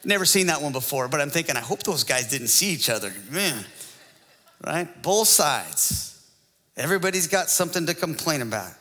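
Male pastor, sermon, bright forceful voice, slightly high, long hall reverb. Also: big pitch swings, moderate pace. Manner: joking, conversational preaching with frequent laughs.

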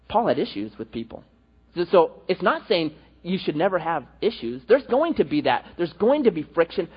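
A man preaching a sermon in an animated, storytelling way, acting out the people he quotes. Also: sits high, slightly rough. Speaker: pastor. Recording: echoey hall, dull lo-fi.

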